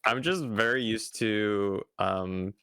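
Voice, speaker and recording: A young man chatting casually on a stream, easygoing and quick to laugh. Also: on the low side, sharp tone, clean tone, no echo. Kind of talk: casual chat.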